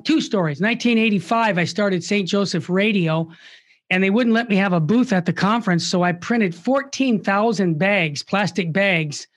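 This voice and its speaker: Impassioned older man telling stories. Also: high-pitched. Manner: impassioned, acts out quoted voices. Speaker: Catholic radio founder, guest. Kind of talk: animated storytelling interview.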